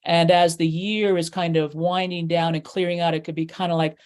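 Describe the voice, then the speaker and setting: A woman's voice: lowish voice, flat delivery, moderate pace, a little mellow. A middle-aged woman teaching a numerology workshop in a chatty way, full of fillers and playful acted-out asides. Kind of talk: workshop lesson.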